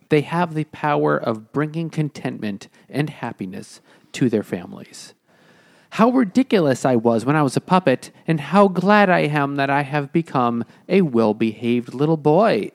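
A man's voice: on the high side, vocal fry, a little mellow, no room sound, studio quality. A man in a casual book podcast, reading a passage aloud with mock-earnest emphasis. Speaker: podcast co-host discussing a book.

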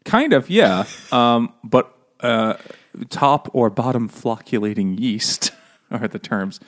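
A man's voice: mid-range voice, lively intonation, slow pace, fairly bright tone. A man co-hosting a podcast in casual chat, jokey and laughing often, explaining things at length. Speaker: podcast co-host.

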